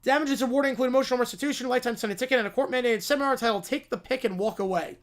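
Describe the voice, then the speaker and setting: A man's voice: extremely high pitch, racing. A man voicing an exasperated judge who hands down dry, curt rulings in a comic courtroom skit. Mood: stern. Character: stern, exasperated male judge.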